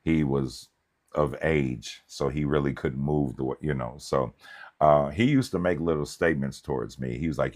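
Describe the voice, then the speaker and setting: A pastor delivers a sermon in a very deep, low voice. He moves between scripture reading and emphatic, conversational storytelling. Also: moderate pace.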